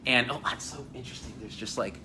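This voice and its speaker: A man in his forties from New Jersey, hosting an energetic live chat at a hotel event and telling stories with acted-out quotes. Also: mid-range voice, fast, a little hiss or hum. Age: 40s. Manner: animated, storytelling, acts out quotes. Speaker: host. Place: hotel event space with crowd.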